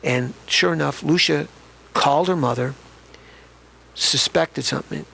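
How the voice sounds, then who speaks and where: A man's voice: on the high side, measured pace, gravelly, sharp tone, slightly rough. An older man, an author, telling stories from his past in a reflective, conversational way during an interview. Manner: conversational, reflective, often restarts sentences. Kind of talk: reminiscing storytelling in an interview.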